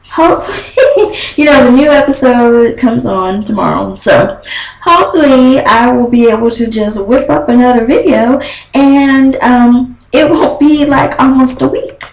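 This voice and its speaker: A woman's voice: on the high side, measured pace, gravelly, roomy sound, poor audio. A young woman vlogger giving a sassy, chatty recap, often slipping into mock voices. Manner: sassy, chatty, animated with laughs and quoted voices. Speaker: vlogger recapping a reality show. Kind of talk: casual gossip recap.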